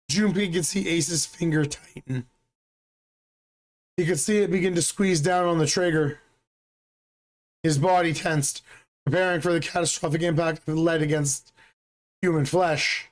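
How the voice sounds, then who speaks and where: A slightly hoarse man hosting a channel, reading a game's story aloud at a steady pace. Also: fairly high pitch, a little slow, long pauses. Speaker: channel host reading a visual novel.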